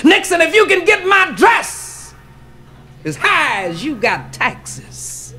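A male comedian voicing a defiant, sharp-tongued woman who answers slowly and cuttingly, building to shouts. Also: very high voice, wildly swooping pitch, exaggerated voice. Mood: scornful.

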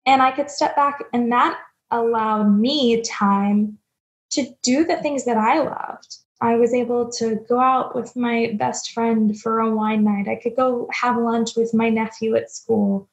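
Earnest woman with a gravelly voice. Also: on the high side, fairly even intonation, a little slow. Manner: earnest, reflective, self-deprecating. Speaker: guest, stepmom platform founder. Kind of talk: candid podcast interview. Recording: dull lo-fi remote audio.

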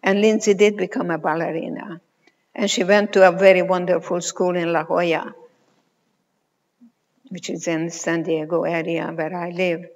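A woman in her eighties, a psychologist, giving a motivational conference talk, telling stories slowly and emphatically with pauses. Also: on the low side, little pitch movement. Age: 80s. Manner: slow, emphatic storytelling with pauses. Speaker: keynote speaker, psychologist. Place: large conference hall. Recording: reverberant hall, muffled sound.

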